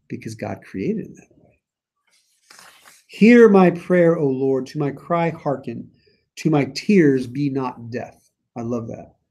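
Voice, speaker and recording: A man's voice: mid-range voice, unhurried, warm tone, husky. A man leading a church Bible study, reading scripture aloud and then paraphrasing it earnestly in his own words. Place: church meeting room.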